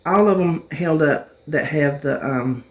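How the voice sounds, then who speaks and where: A woman's voice: low-pitched, a little slow, background noise. Chatty woman cooking on camera. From North Carolina, US. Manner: chatty, homey, talks the viewer through each step. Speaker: cooking vlogger. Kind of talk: casual cooking demonstration.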